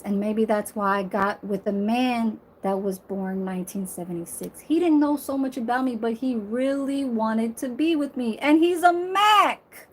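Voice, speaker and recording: A woman's voice: a little high, dark tone. A woman in her forties talking to camera in a blunt, emphatic, profane way. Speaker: vlogger. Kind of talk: casual monologue to camera.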